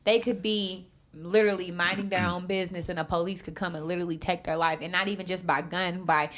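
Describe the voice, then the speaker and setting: A woman's voice: on the low side, steady tone, fast talker, fairly bright tone. A woman co-hosting a casual podcast, earnestly recounting a news story in detail. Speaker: podcast co-host. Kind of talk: casual discussion.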